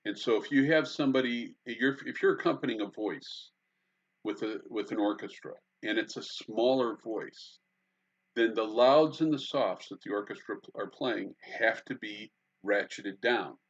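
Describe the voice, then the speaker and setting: Brief: man, low voice, music teacher lecturing on conducting, halting delivery with fillers, dull lo-fi recording. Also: husky. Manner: halting, with many fillers and sung beats. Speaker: music instructor.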